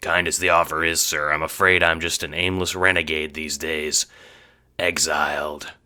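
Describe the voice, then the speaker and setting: Male narrator doing a gruff, brash ex-lawman for an audio drama, loud and forceful. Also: rumbling low, little pitch movement, normal speed, heavily acted. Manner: brash, blustering.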